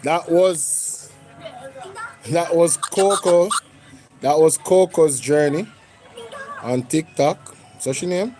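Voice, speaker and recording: A man's voice: a little high, slow pace, long pauses, music in the background. A Jamaican man hosting a reaction stream, commenting casually and slipping into patois. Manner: conversational, lapsing into patois. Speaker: reaction channel host. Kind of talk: casual commentary with livestream shout-outs.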